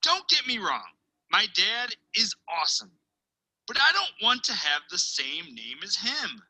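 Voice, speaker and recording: Female teacher, picture-book read-aloud, unhurried and expressive, hushed asides. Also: medium pitch, poor audio. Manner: expressive storytelling with dramatic pauses and hushed asides.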